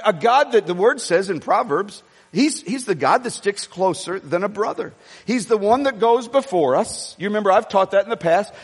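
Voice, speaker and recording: A man preaching a sermon as pastor, telling stories animatedly and swinging between quiet asides and raised, emphatic lines. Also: high-pitched. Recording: long reverb of a large hall.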